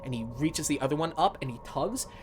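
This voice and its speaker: A man narrating a tabletop game as game master, brisk and stumbling at times. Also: on the high side, expressive, slight background noise.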